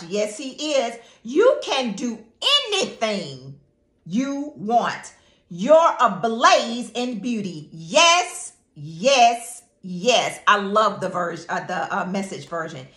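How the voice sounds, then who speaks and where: A woman's voice: on the high side, sing-song, slow, a bit bright. A woman preaching a devotional sermon and prayer, emphatic, repeating phrases and calling on listeners to say words back. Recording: echoey room with faint music.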